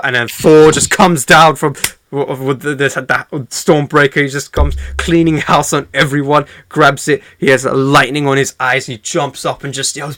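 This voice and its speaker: A man co-hosting a casual podcast chat, excitable, acting out crowd reactions as he talks. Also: a little high, moderate pace, dry recording. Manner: excitable, acts out crowd reactions and hums movie themes. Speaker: podcast co-host.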